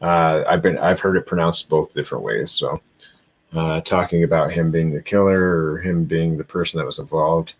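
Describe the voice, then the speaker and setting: A man's voice: rumbling low, steady tone, moderate pace. A man hosting a paranormal livestream, chatting casually, thanking viewers by name and rambling with lots of fillers. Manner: rambling, easygoing, heavy on fillers. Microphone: computer microphone on a live stream.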